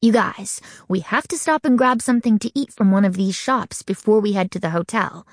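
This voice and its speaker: A woman's voice: medium pitch, fairly quick, no echo, studio quality, lightly acted. A woman doing an eager tomboy teen girl. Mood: excited. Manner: enthusiastic, emphatic. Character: bold food-loving teen tomboy girl.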